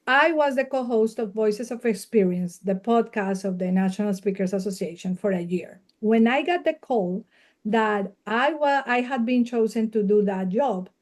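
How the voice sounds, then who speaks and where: A woman's voice: medium pitch, moderate pace, a little mellow. A woman with a Spanish accent, a non-native English speaker, talking earnestly as a guest media coach in a casual podcast interview and laughing readily.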